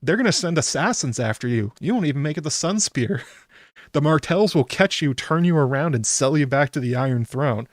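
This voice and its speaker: A man's voice: fairly high pitch, animated, brisk, no room sound. A man hosting a casual solo aftershow, chatty and incredulous, laughing often and filling gaps with ums. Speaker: YouTube aftershow host. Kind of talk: casual solo reaction commentary.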